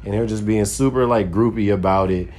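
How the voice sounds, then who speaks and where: A man's voice: lowish voice, a little fast, a little mellow, slight background noise. A man, a stand-up comedian, telling a loose, rambling story in casual talk full of profanity and "like".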